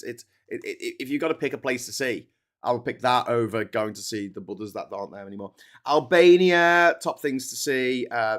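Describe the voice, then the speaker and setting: A man hosting a long solo livestream, talking off the cuff in a loose, rambling way. He jokes, wanders into asides and keeps restarting his sentences, with a middling pitch. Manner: digressive, jokey, lots of restarts and trailing asides. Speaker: livestream host.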